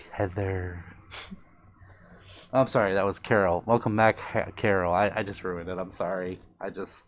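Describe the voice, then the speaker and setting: Young man streaming, reads chat aloud, gentle and apologetic, faint hiss behind. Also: mid-range voice, dull audio. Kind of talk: casual live-stream chat.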